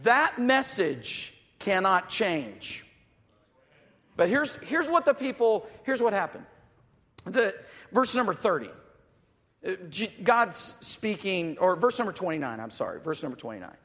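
Preacher guy, high voice that swings all over, impassioned, echoey church hall. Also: very animated, a little slow, fairly bright tone. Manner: impassioned preaching, reads scripture aloud, acts out quoted voices. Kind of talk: sermon.

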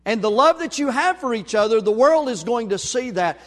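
High-voiced preacher in an echoing church. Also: male voice, moderate pace. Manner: animated storyteller, acts out voices. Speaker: pastor. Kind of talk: sermon with a personal story. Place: church sanctuary. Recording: long hall reverb.

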